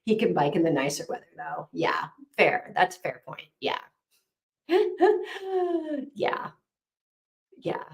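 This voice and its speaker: A woman's voice: on the low side, very animated, slow, pauses often, fairly bright tone, roomy sound. A woman hosting a reading sprint, chatting casually and rambling with lots of fillers while she reads out comments. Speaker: host of a reading sprint stream.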